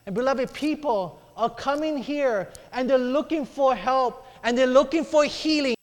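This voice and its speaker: High-voiced male preacher in a reverberant hall. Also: a little slow. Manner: storytelling, acts out quoted voices, calls for amens. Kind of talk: sermon with personal story.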